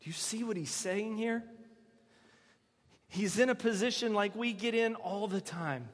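A man preaching a sermon, earnest and emphatic, moving between loud stresses and hushed lines. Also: sits high, unhurried, pauses often, long reverb tail. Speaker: pastor.

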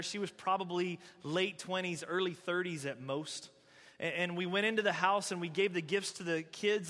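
A man preaching a sermon, telling a story in a conversational, animated way. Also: high voice, in a large hall. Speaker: pastor.

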